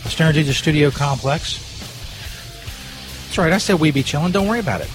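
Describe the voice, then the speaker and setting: A man's voice: fairly high pitch, expressive, a little fast, faint music behind. A man hosting a podcast in a stoner Jesus persona, ranting and joking with lots of profanity. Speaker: podcast host. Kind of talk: casual rant podcast.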